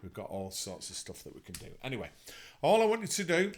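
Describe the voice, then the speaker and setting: A man's voice: medium pitch, wildly swooping pitch, fast, noisy background. A man teaching an online music lesson to children, upbeat and encouraging as he counts them in. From England.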